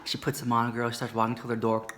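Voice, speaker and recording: Brief: camp male storyteller, gossipy and dramatic, tense bright voice, swoops high for effect. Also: monotone, quick pace, a little hiss or hum. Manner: sassy, calls listener "girl" constantly, swings into high squeals and whispers. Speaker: comedic storyteller.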